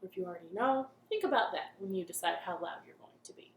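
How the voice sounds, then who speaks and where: A woman's voice: on the low side, expressive, fast, reverberant, slight background noise. A young woman leading a cheerful children's storytime from her living room, chatting and singing simple songs.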